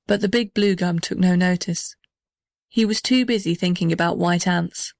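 A woman narrating a children's story in a gentle, even reading voice. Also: fairly low pitch, moderate pace, gravelly, no echo, clean studio sound. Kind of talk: scripted narration.

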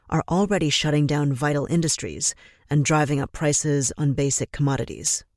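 Grave, measured male political commentator. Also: on the high side, darkish tone, no echo, studio quality.

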